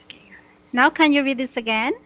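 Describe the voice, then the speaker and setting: A woman's voice: high-pitched, fairly quick, dry recording, lo-fi sound. A woman tutoring English, patiently correcting a student's reading with many "okay"s.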